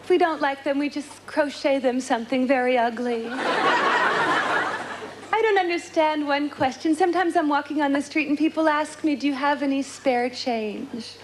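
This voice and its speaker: A woman's voice: high voice, normal speed. A woman doing a wry, confiding stand-up routine. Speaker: stand-up comedian. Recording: audience laughter and hiss on old tape.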